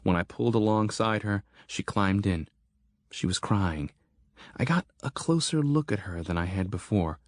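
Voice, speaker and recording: A man narrating a horror audiobook in a steady, measured storytelling manner. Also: lowish voice, no echo, clean studio sound.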